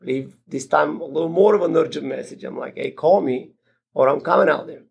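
A middle-aged man, a guest landlord, telling a story in casual, rambling talk full of fillers and restarts, jumping higher in pitch when he quotes others. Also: brisk, gravelly, breathy edge. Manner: animated, jumps higher when quoting others.

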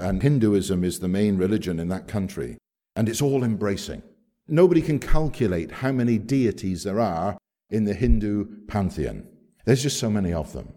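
A man preaching a gospel sermon, telling stories emphatically with big swings between loud and soft. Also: deep voice. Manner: storytelling, emphatic with wide swings in loudness.

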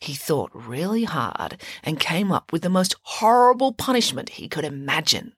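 A woman's voice: low-pitched, sing-song, moderate pace, fairly bright tone, husky, dry recording, studio quality. A woman narrating a children's myth retelling with playful asides, as host of a story show.

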